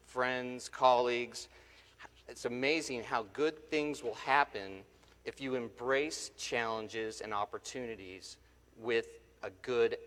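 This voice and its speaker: A man giving a motivational speech, telling lively stories and jumping his pitch up when he quotes people. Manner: animated storyteller, jumps up in pitch for quoted people. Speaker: motivational speaker. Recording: long reverb of a large hall.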